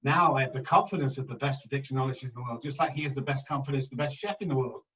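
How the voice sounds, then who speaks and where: A man speaking as a guest on a podcast interview, telling emphatic, animated anecdotes about how words shape the mind. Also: mid-range voice, rapid-fire. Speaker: guest addiction specialist. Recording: slightly dull, distant mic.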